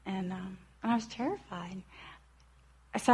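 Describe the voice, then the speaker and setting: A woman's voice: mid-range voice, measured pace, pauses often, darkish tone, breathy edge. Woman in her forties, earnest storyteller sharing a recovery story, slips into the voices of the people she quotes. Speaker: recovery speaker. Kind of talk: personal recovery talk.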